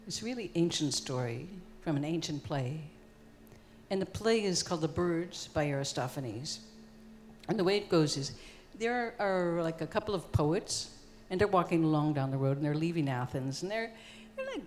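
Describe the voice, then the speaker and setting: Speaking at a moderate pace in a low, somewhat mellow voice with lively intonation, a woman in her sixties recounts an old story onstage in a concert hall. The performance artist keeps it casual and conversational, full of "you know" and "like," and the recording carries long concert-hall reverb.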